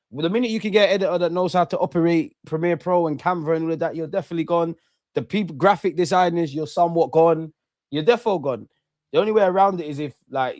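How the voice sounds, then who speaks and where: A young English man in his twenties riffs on a live stream, full of slang and repeated phrases. His voice sits a bit high for a man. It sounds dry and close on the mic. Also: darkish tone, no room sound. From England. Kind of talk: casual live-stream chat reading viewer comments.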